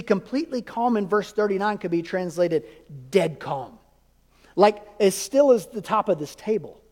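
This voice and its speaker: High-voiced man preaching in a reverberant hall. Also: darkish tone. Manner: emphatic, conversational preaching with rhetorical questions. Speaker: pastor. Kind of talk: sermon. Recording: long reverb of a large hall.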